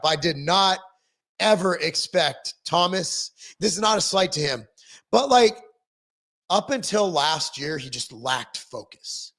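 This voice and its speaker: High-voiced middle-aged man chatting live. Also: expressive, a little slow, creaky, fairly bright tone. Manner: rambling, self-deprecating, frequent ums and restarts. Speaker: livestream host reading viewer comments. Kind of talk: casual livestream chat.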